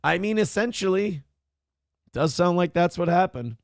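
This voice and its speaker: A male morning-show host from Minnesota, working through live chat with crude, irreverent jokes. His voice is gravelly and sits a little high. The sound is close and dry, with no room around it. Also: lively intonation, normal speed, no room sound. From Minnesota, USA. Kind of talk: casual commentary reading live chat.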